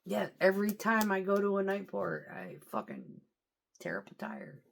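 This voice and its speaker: Profane, animated woman truck driver. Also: medium pitch, normal speed, vocal fry. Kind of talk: casual storytelling vlog.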